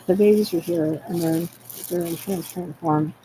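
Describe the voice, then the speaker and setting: A woman's voice: on the low side, fairly even intonation, normal speed, dark tone, slight background noise, low-quality recording. A tearful woman in a rambling, distressed monologue, agitated and repetitive, swearing as she talks.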